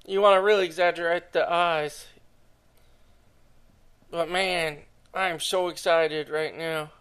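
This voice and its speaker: A man's voice: a little high, fairly even intonation, a little slow, a bit bright, clear, resonant tone. A young man casually narrating a drawing tutorial, chatty and enthusiastic, talking straight to his viewers.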